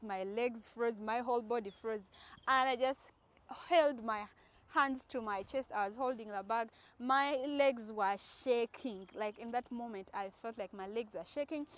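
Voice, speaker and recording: A young woman from Uganda, speaking a touch high, narrates a personal storytime vlog. She talks directly to her viewers and tells the story in an animated, dramatic way. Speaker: vlogger.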